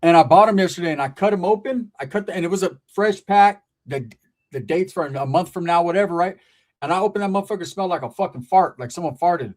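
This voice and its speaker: A man's voice: sits high, quick pace. A man hosting a casual podcast chat, from Northern California, telling loose, profane stories in street slang. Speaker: podcast host. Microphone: streaming setup.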